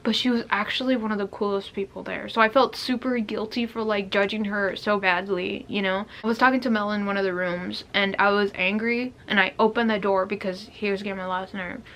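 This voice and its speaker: Speaking a little fast with hardly any pauses, a young adult woman vlogger rambles casually through a storytime, restarting sentences and saying "like" again and again. Her mid-range voice is fairly bright, and her intonation stays fairly even.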